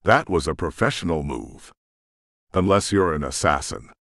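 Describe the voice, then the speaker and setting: A man's voice: low voice, expressive, moderate pace, fairly bright tone, dry recording, voice pushed down. Bossy Australian pirate thief barking orders, read by a man, dry audiobook sound. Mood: menacing.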